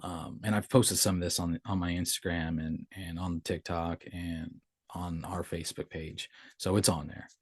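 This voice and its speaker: A man's voice: low voice, level tone, moderate pace, husky, no room sound, studio quality. A middle-aged man and father, casually telling his own haunted-house experiences in a rambling, conversational way and acting out what people said. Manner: conversational, rambling with restarts and acted-out quotes. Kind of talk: casual storytelling.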